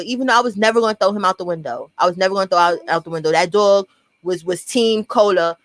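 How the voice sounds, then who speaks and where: A young woman with a New York accent telling a profane, animated storytime and acting out what people said. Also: medium pitch, quick pace, dry recording. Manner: profane, animated, acts out quotes. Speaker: storyteller vlogger. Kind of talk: casual storytime monologue.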